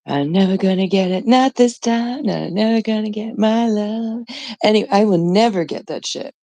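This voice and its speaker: A woman's voice: mid-range voice, animated, normal speed, creaky, mellow, dry recording. A middle-aged woman chatting casually with her live-stream chat, laughing often, swearing freely and greeting viewers by name. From Canada. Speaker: livestreamer.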